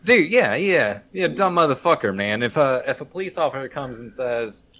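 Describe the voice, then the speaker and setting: A man's voice: mid-range voice, lively intonation, normal speed, a bit bright, slight background noise. A man in a casual group chat, cracking brash profane jokes. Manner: brash, profane, punchline delivery.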